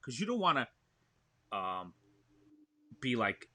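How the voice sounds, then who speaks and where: A man with a New York accent talks in a relaxed podcast interview, his voice bright and cutting. He tells stories with plenty of animation and slips into acting them out as he goes. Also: mid-range voice, takes it slowly. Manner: animated storyteller, acts out what he describes. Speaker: guest actor.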